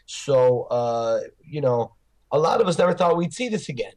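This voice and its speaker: A man who gives film tours, chatting in an interview as an animated storyteller with many fillers and restarts. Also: mid-range voice, normal speed. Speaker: Rocky film tour guide. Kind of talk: casual interview chat.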